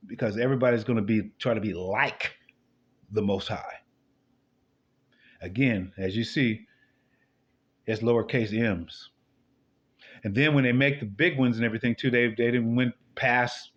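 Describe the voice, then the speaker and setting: A man giving loose, profane commentary while reading scripture, rambling, muttering low and then bursting up high. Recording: dull lo-fi recording.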